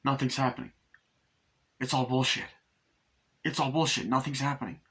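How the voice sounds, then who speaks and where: A man's voice: medium pitch, steady tone, moderate pace, fairly bright tone, breathy edge, poor audio. A man casually reviewing a movie, rambling with lots of fillers and swearing as he retells scenes and acts out the characters' lines.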